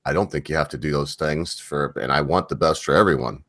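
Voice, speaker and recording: A man's voice: extremely low pitch, brisk, fairly bright tone, no echo, studio quality. A man hosting a casual online stream, talking in a rambling way with many fillers and laughs. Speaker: podcast host.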